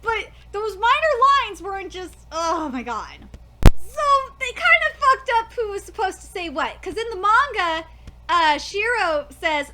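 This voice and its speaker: A woman giving a casual anime review, gushing and excitable, swearing and laughing often, rambling with lots of fillers. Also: very high voice, measured pace. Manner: rambling with many fillers and restarts.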